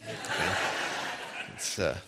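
A man with a Northern Irish accent preaching a sermon, measured and deliberate with a touch of gentle humor. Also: heavy background noise. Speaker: preacher and Old Testament professor.

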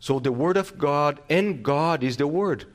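Preaching in a somewhat high voice, a male pastor poses rhetorical questions and often begins phrases again. His delivery is emphatic, with big swings in loudness and pace, from booming lines to slow, hushed ones.

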